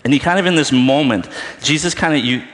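A man's voice: on the high side, quick pace, a bit bright, in a large hall. A man giving an informal, conversational sermon, thinking aloud and often checking in with "right?". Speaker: preacher.

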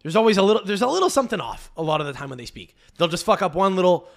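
Male podcast host, high gravelly voice, swooping delivery, profane and mocking. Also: big pitch swings, racing. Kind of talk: casual commentary reacting to clips.

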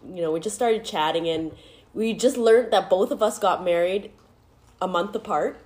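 A woman's voice: mid-range voice, moderate pace, a little mellow. A woman in her thirties, chatting casually as a host, laughing often and tearful at times. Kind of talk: casual chat.

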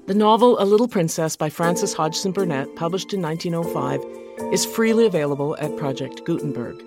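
A woman hosting a writing podcast, giving scripted narration in an earnest, measured delivery. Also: lowish voice, over music.

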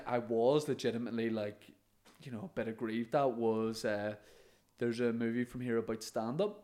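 A man's voice: medium pitch, steady tone, moderate pace, darkish tone. A man, a comedian and podcast co-host, telling stories in casual chat, laughing often and swearing now and then.

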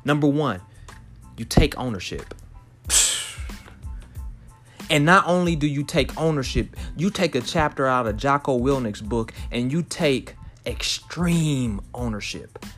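A man's voice: mid-range voice, lively intonation, measured pace, a bit bright, soft background music. A man hosting a motivational podcast, talking straight to his listeners with fervent, repetitive urging. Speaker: podcast host.

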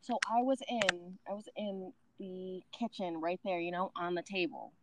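A woman's voice: lowish voice, steady tone, moderate pace, background noise. Young woman, casual chat, swears a lot, laughs easily, outdoors at night. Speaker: podcast co-host. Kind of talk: casual chat among friends.

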